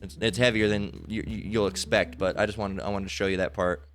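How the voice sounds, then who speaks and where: Low-voiced man rambling with "all right?". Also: little pitch movement, a little fast, fairly bright tone, faint music behind. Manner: loose and rambling, keeps asking "all right?". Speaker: religious commentator. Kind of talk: casual spoken commentary.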